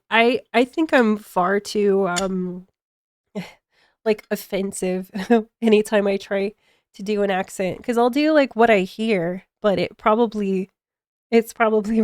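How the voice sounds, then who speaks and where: A woman with a general American accent chatting casually on a stream, halting often with fillers and laughing easily. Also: mid-range voice, dry recording, studio quality.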